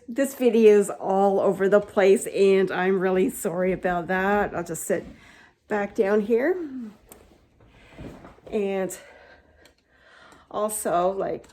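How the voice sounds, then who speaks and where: Slow, mellow chatty woman in her fifties. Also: mid-range voice, a little hiss or hum. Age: 50s. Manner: rambling, chatty, many fillers and restarts. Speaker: vlogger. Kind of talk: casual home tour chat. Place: inside a house.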